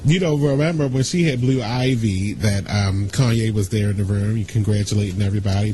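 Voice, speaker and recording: A man hosting a casual radio talk show, ranting and gossiping in an animated, indignant way. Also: on the low side, poor audio.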